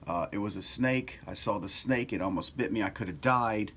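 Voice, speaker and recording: Animated, low-voiced man giving a self-help talk. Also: normal speed, a little hiss or hum. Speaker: self-help author and video host. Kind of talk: casual motivational talk to camera.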